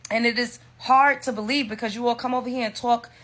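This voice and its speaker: A woman's voice: a little high, steady tone, quick pace, fairly bright tone. A woman from the United States reacts to a video clip and pushes back point by point. Her delivery is pointed and firm. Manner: pointed, rebutting. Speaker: commentator. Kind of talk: reaction commentary.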